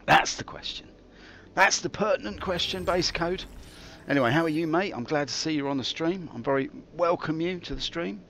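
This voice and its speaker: Gravelly man spinning tall tales. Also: brisk, fairly bright tone, a little hiss or hum. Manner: theatrical, jokey storytelling with big pitch swings. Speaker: game streamer. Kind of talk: rambling live-stream commentary.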